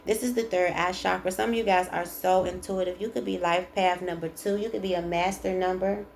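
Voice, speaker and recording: Gravelly-voiced woman doing a tarot reading. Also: fairly low pitch, steady tone, brisk, a little hiss or hum. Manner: chatty, emphatic, encouraging, reads aloud and repeats. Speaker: tarot reader. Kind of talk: casual spiritual card reading.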